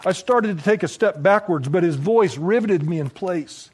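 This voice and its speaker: A man narrating a scripted story in a reflective, measured, gently wry way. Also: fairly high pitch, lively intonation, breathy edge.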